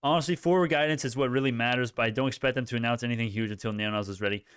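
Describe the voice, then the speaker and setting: A man giving live stock-market commentary, excitable and rambling, with frequent swearing and self-corrections. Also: mid-range voice, rapid-fire, smooth, dry recording.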